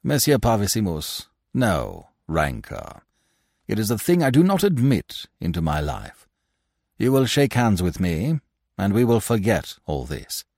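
A man's voice: lowish voice, big pitch swings, moderate pace, darkish tone, dry recording, studio quality, pitched above the performer's own voice. A man voicing a heavy, sly, leering middle-aged theatre manager who talks in a bluff, wheedling way. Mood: hearty.

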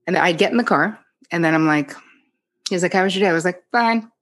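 A middle-aged woman with a New Jersey accent and a low, husky voice chats candidly on a podcast. She tells stories with plenty of swearing and acts out what people said. She speaks as a psychotherapist. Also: fairly even intonation, quick pace. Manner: candid storyteller, swears freely, acts out quoted dialogue. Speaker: psychotherapist guest. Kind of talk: casual podcast conversation.

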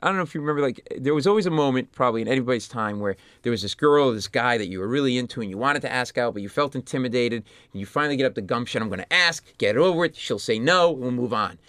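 A man from Rhode Island, a stand-up comedian telling lively anecdotes in an interview and jumping into loud voices of the people in them. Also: medium pitch, rapid-fire, few pauses, dry recording. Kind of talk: animated storytelling in an interview.

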